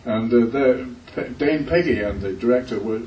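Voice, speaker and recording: An older man, a guest actor on a convention panel, telling a story haltingly with many pauses and uhs. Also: medium pitch, darkish tone. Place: convention hall. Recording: echoey hall, distant mic, faint noise.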